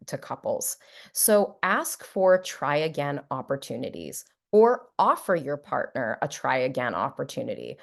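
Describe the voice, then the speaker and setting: Woman, middle-aged, psychologist giving a talk, low voice, gravelly, playful, acts out examples. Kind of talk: presentation to an audience.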